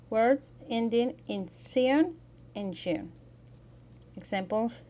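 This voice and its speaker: A woman's voice: on the high side, slow, darkish tone. A woman teaching a pronunciation lesson, carefully modelling example words one by one.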